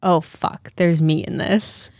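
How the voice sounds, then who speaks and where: A woman's voice: lowish voice, steady tone, slow pace, darkish tone, dry recording, clean studio sound. A young woman co-hosting a podcast, telling her own embarrassing story with frequent laughs in a casual chat. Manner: laughing self-deprecating storyteller. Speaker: podcast co-host.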